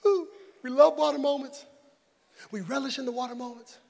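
A man preaching a sermon to a congregation as pastor, swinging from loud shouts to hushed, whispered lines. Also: very high voice, fairly even intonation, fairly quick, creaky, long reverb tail. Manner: preaches with rising shouts and soft whispered asides. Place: church sanctuary before a congregation.

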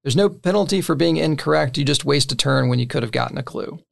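A man's voice: on the high side, fast talker, creaky. A man casually explaining the rules of a board game to friends, with many fillers and short laughs. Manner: relaxed, filler-heavy, laughs between points.

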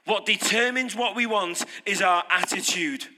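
A man's voice: high voice, moderate pace, sharp tone. A man preaching an off-the-cuff sermon, emphatic and repeating phrases for punch. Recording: long hall reverb.

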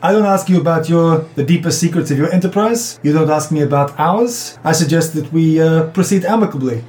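A man's voice: on the high side, brisk, darkish tone, lightly acted. A man voicing a cocky, sly male drow rogue who taunts and grins. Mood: smooth. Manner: sly, antagonizing and cheeky.

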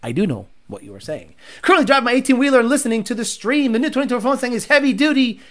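A man's voice: extremely high pitch, very animated, rapid-fire. A man hosting a live stream in crude, rambling, profane chat. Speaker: livestream host.

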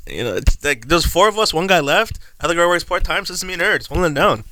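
A man's voice: a little high, animated, quick pace, bright, forceful tone, no room sound, studio quality. A man hosting a casual podcast, rambling through stories and laughing often as he drifts off topic. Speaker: podcast host.

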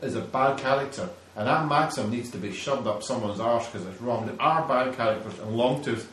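A man's voice: mid-range voice, brisk, a bit bright, a little hiss or hum. A man hosting a podcast, ranting animatedly and swearing a lot in casual chat. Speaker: podcast host. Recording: echoey room, distant mic.

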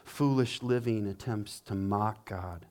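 A man who is a pastor preaching a sermon, swinging from hushed to emphatic and acting out quoted complaints in a whining voice. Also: takes it slowly. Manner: dramatic, acts out quoted complaints in a higher whining voice.

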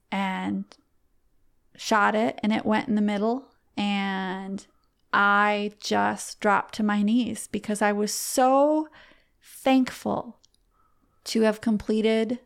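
Heartfelt woman with a gravelly edge. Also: medium pitch. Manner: emotional, heartfelt. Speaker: guest. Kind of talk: personal story.

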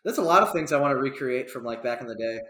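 Easily amused man with a lively voice. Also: mid-range voice, fast. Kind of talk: casual chat.

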